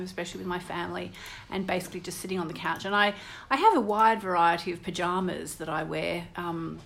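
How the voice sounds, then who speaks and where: A woman's voice: lowish voice, vocal fry. Australian woman, radio host, chatty, storytelling, casual. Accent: Australian English. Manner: chatty, storytelling, laughs often, animated. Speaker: astrologer and radio show host. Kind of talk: casual radio show chat.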